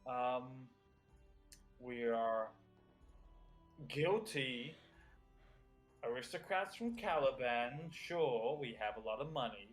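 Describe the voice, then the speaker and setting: A man's voice: medium pitch, expressive, slow pace, long pauses, soft background music. A man voicing a polished woman aristocrat who hosts a society of rich flyers, speaking in a gracious, welcoming, slightly boastful manner.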